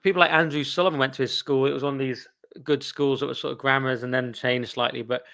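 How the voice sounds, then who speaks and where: A man's voice: mid-range voice, steady tone, fast talker, creaky, pushed and bright. A man from England, hosting a podcast, talking in a blunt, sardonic way with rambling asides. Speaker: podcast host. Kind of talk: casual opinionated chat.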